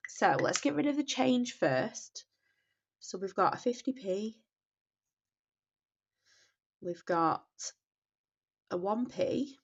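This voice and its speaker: A Northern English woman in her thirties chats casually through a budgeting vlog, her voice nasal and bunged up from a cold. She talks in a lowish register, often stopping to correct herself and say sorry. The recording sounds dull and lo-fi. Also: fairly bright tone, slight background noise. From North West England. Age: 30s. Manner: chatty, apologetic, often restarts and says sorry. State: congested from a cold. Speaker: budgeting vlogger. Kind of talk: casual chat.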